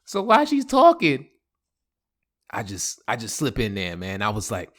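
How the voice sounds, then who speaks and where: A man spinning a personal story for his vlog, relaxed and slangy. His pitch swings wildly from low mutters to high bursts, and he laughs often. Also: moderate pace. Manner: animated, slangy, laughing a lot.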